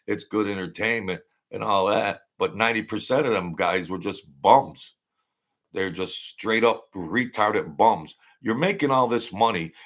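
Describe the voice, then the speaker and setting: Deep gravelly new guy rambling on his livestream, blunt, keeps repeating himself. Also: fairly bright tone. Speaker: livestream host. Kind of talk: casual livestream chat.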